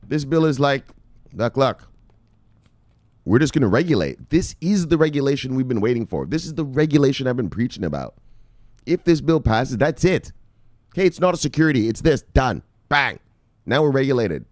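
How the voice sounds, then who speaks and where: Excitable, profane Canadian man ranting. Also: medium pitch, moderate pace, no echo, clean studio sound. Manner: excitable, profane, repeats himself, addresses viewers as brothers. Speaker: crypto news vlogger. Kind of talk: animated profane crypto commentary.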